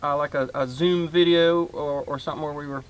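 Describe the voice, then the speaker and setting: A man's voice: on the high side, steady tone. A man hosting his homestead channel, chatting casually outdoors in his garden and rambling with lots of fillers. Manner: rambling, halting with many fillers.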